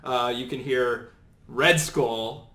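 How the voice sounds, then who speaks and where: Man in an animated rambling pitch, roomy sound. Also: slow pace. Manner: rambling, laughing, with many restarts and fillers. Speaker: podcast co-host pitching a show idea. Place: studio set full of toys and collectibles. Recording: roomy echo.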